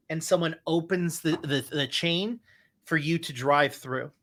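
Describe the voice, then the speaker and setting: A man narrating a tabletop game as game master, in slow, searching narration with restarts. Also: fairly high pitch, steady tone, sharp tone.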